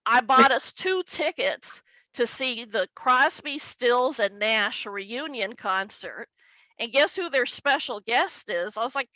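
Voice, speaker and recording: A woman comedian telling a stand-up story in an animated way, acting out the people in it. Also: fairly high pitch, slow, no echo, rough recording. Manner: animated, acts out characters.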